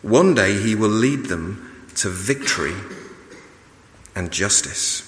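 A man preaching a sermon in a measured, emphatic way, pausing and restarting as he explains a passage. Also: fairly low pitch, animated, a little hiss or hum. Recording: long reverb of a large hall.

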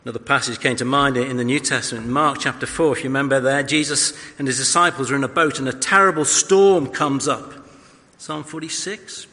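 Lively male preacher telling bible stories, bright voice, big echoey church. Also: mid-range voice, a little fast. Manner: animated storytelling, acting out scripture. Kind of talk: expository sermon.

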